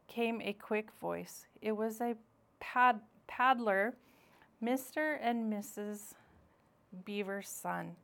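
A woman narrating a children's audiobook, reading clearly. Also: medium pitch, slow, a bit bright.

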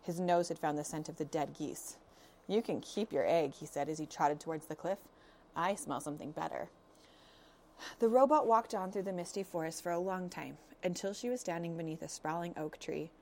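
A woman reading a children's novel aloud as narrator, telling the story in a steady, expressive way. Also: lowish voice, a little fast, hardly any pauses, a little hiss or hum.

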